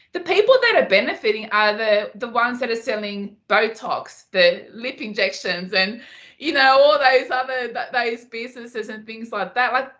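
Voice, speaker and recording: Fired-up woman on a podcast, kinda high bright voice, keeps repeating herself to hammer a point. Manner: passionate, repeats herself when emphasizing. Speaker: podcast guest, Muay Thai fighter. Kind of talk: casual interview.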